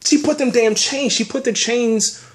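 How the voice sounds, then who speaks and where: A young man with a high-pitched voice talks in loose, emotional commentary for his podcast. He rambles and stammers, circling back to the same filler words as his exasperation builds. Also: measured pace. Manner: rambling, exasperated, repeats "man" and "I don't know". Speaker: podcast host.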